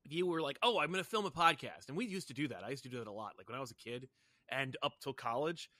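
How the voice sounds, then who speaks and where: A man's voice: medium pitch, lively intonation, very fast, fairly bright tone, no room sound. A man in his thirties, a podcast guest, talking in a casual, rambling way with lots of fillers and restarts. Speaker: podcast guest, comics YouTuber. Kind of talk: casual chat.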